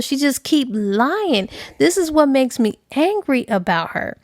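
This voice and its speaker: A woman retells a novel in a casual, animated way, full of slang. Her voice is fairly high, and the recording is dry and close. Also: unhurried, hardly any pauses, dry recording. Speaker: book reviewer. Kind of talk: casual book review recap.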